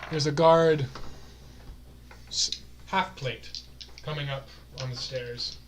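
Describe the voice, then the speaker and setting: A man's voice: fairly high pitch, steady tone, slow, noisy background. A man narrating as game master, describing scenes step by step and laughing along with his players. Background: background fantasy music.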